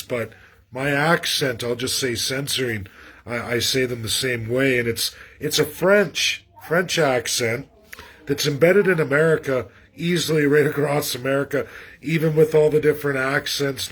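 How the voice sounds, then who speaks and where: A Canadian man from Alberta with an Albertan accent, talking in a rambling, earnest livestream monologue with many restarts and fillers. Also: medium pitch. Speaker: livestream host. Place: outdoors in a rural area.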